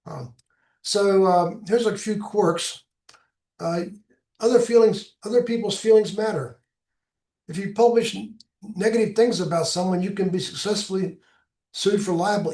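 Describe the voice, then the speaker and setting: A man giving an informal slide presentation as a presenter, explaining in a halting, plainspoken way. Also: high voice, darkish tone, far from the mic. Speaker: presenter giving a travel talk. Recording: echoey room sound.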